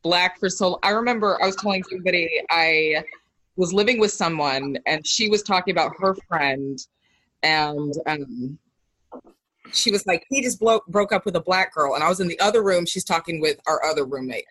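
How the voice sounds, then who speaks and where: A woman's voice: on the low side, moderate pace, a bit bright. Wry woman telling candid stories. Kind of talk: casual conversation.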